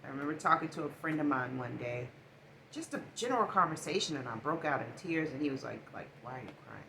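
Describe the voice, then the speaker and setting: A middle-aged woman giving a casual spiritual oracle card reading, talking in a preachy way and swinging between loud bursts and hushed asides. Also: sits low, expressive, quick pace, slight background noise.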